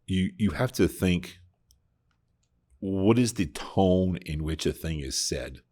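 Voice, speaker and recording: A man's voice: deep voice, expressive, slow pace, darkish tone, breathy edge. A man hosting a casual Bible discussion podcast, talking earnestly and reflectively, often restarting his sentences. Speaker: podcast host.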